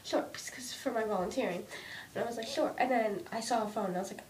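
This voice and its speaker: A young woman vlogging an emotional rant about her own anxiety, halting and restarting often as she speaks. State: anxious. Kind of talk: emotional personal vlog rant. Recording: distant mic with faint rumble.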